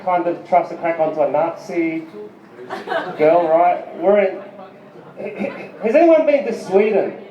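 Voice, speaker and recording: A man's voice: sits high, slow pace. A middle-aged man doing a rambling, profane stand-up set, laughing as he tells his stories. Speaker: stand-up comedian. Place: live music club stage. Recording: echoey dull club recording.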